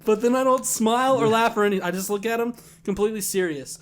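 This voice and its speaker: A man hosting a comedy podcast, telling crude stories loudly with deadpan punchlines. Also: sits high, fast, few pauses. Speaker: podcast host. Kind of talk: comedic casual chat and storytelling.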